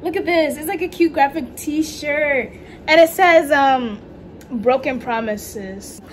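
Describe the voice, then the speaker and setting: A young woman chatting casually in a home vlog, excitable and gushing, full of slang, with faint noise in the background. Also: high voice, slow. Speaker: vlogger. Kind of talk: casual haul vlog chat. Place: home room at night.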